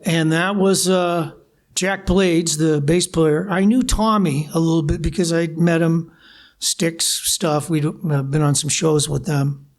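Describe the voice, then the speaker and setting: An older man from Canada, a guest musician, telling lively anecdotes at a live interview and acting out old phone calls. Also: fairly high pitch, measured pace. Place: live bar venue with audience.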